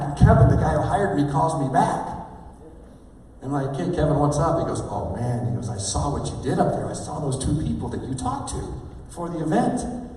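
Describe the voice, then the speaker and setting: A man giving an energetic motivational talk on stage, calling for replies from the audience. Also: a little high, slight background noise. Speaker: motivational speaker. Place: large hall with a live audience. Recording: echoey hall, mic at a distance.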